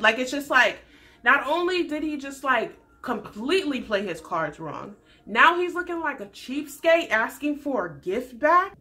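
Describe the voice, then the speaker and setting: A young woman in her twenties giving a frank, animated casual recap of a TV show as the host of her vlog. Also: high voice, a little slow. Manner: frank, animated storytelling with candid opinions.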